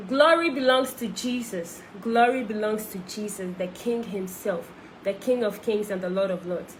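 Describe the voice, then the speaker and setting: A young woman with a Ghanaian accent talks straight into her phone on a live stream. She chats effusively and moves back and forth between English and Twi. Her voice sits at an ordinary middle pitch, with a faint hum of noise behind it. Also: rough recording. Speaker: singer on a live video. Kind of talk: casual live-stream chat.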